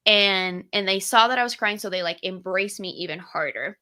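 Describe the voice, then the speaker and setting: A woman's voice: medium pitch, moderate pace, pushed and bright. A young woman co-hosting a podcast, talking candidly and casually, swearing now and then as she retells personal moments. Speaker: podcast co-host. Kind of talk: casual conversation.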